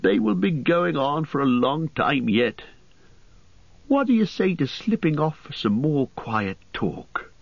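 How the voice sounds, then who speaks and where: A man's voice: medium pitch, big pitch swings, unhurried, no room sound, pitched above the performer's own voice. A man doing an old, chatty hobbit poet. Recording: dry, slightly muffled studio audio.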